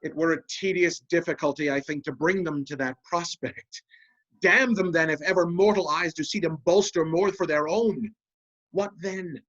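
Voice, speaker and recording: A sly, scheming male officer, read by an actor in an amateur Shakespeare reading. The delivery is measured and insinuating, at a middling pitch. The sound is muffled and lo-fi. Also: fairly bright tone, lightly acted.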